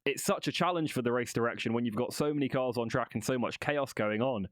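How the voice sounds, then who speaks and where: A man talks through a solo motorsport podcast in a loose, conversational way, often restarting and correcting himself. His voice sits at an ordinary middle pitch. The sound is dry and close, with no room echo. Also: quick pace. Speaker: podcast host. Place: studio.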